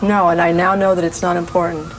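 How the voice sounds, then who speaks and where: A woman's voice: lowish voice, little pitch movement, a little hiss or hum, poor audio. A woman in her forties, a guest actress in a casual TV interview, talking earnestly and restarting her sentences often. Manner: earnest, halting, many restarts.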